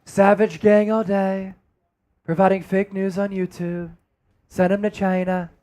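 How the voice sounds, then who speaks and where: A man's voice: high voice, level tone, a little slow, darkish tone. Male host, casual sports live stream, joking, reads chat aloud.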